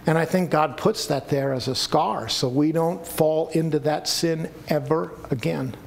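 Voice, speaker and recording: A man's voice: a little high, measured pace, creaky, slight background noise. A man preaching a sermon to a congregation, earnest and pleading at times. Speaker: pastor.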